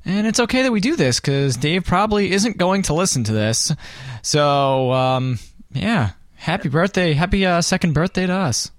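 A man's voice: high-pitched, lively intonation, moderate pace, no room sound, clean studio sound. A man hosting a casual podcast chat, joking around and laughing often. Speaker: podcast host.

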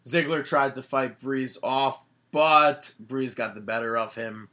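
A man co-hosting a podcast, recapping wrestling in casual chat, excitable and quick to stammer and repeat words. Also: medium pitch. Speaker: podcast co-host.

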